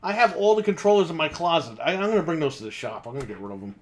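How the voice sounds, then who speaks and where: A man's voice: fairly high pitch, lively intonation, very fast. A man co-hosting a gaming podcast, ranting casually, in a heated and profane way. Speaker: podcast co-host. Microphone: desk microphone.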